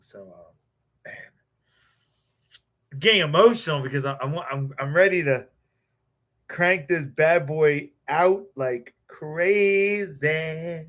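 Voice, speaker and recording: A man's voice: fairly high pitch, slow pace, pauses often, fairly bright tone. Pumped-up, stammering male live-show host. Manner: hyped, stammering, restarts and repeats words. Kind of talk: excited live-stream chat.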